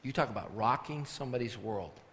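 A man preaching a sermon as pastor, swinging between quiet, firm instruction and loud, forceful scripture reading. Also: mid-range voice, a little fast, a little hiss or hum. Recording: long reverb of a large hall.

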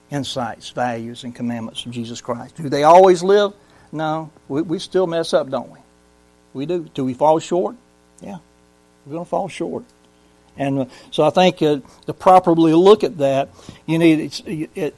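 A man teaching a Bible study in a conversational way, asking the congregation questions and reading scripture slowly. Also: mid-range voice, darkish tone, no echo. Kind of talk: sermon-style Bible teaching.

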